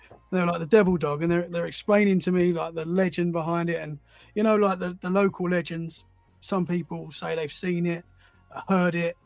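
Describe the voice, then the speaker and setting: A man's voice: high-pitched, steady tone, brisk, vocal fry, no room sound, soft background music. A man, a podcast guest, telling stories in a rambling, casual way and often repeating words as he goes. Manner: rambling, repeats words while finding his thread. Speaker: podcast guest, paranormal enthusiast. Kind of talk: casual storytelling.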